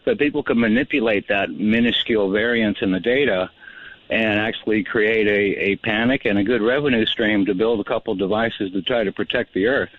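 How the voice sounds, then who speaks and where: A man's voice: fairly low pitch, brisk, no room sound. A man calling in to a radio show, speaking in a rambling, meandering way. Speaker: caller. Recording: tinny phone line.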